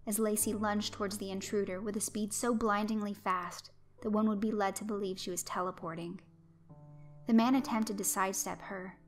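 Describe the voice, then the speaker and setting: A woman narrating a scripted horror story in a steady storytelling reading. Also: mid-range voice.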